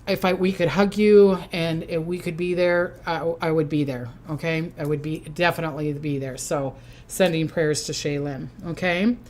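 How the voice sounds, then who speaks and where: A woman's voice: low-pitched, steady tone, moderate pace, a little mellow. An older woman with a Minnesota accent, hosting her own livestream as a psychic and chatting casually through viewer comments in a rambling way. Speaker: psychic host.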